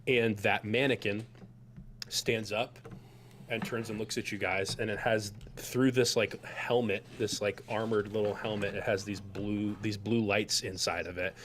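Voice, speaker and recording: A man's voice: fairly low pitch, level tone, unhurried, fairly bright tone, slight background noise. A man narrating a tabletop game as game master, rambling loosely with many fillers.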